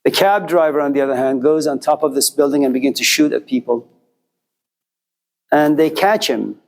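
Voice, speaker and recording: A man's voice: moderate pace, gravelly. A man giving a storytelling lecture, talking conversationally and speaking straight to his listeners. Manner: conversational, addresses listeners directly; acts out quoted characters with jumps in pitch.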